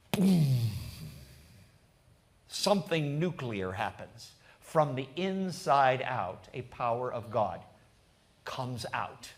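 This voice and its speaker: A man preaching as a pastor. He tells the story dramatically, falls to a low hush and then rises to loud bursts, laughs often and speaks directly to the congregation. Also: animated, takes it slowly, pauses often. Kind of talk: sermon.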